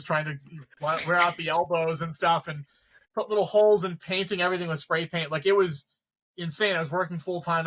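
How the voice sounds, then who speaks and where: A man, a filmmaker guest, telling animated stories in casual chat, swearing freely and acting out his own reactions. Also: on the high side, poor audio. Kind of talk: casual storytelling.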